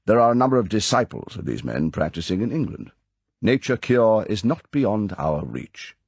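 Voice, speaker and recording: A man's voice: sits low, very animated, normal speed, creaky, darkish tone, husky, no room sound, full character voice. A man voicing a stern older male spymaster who lectures in a clipped, commanding way, from an audiobook reading. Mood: insistent.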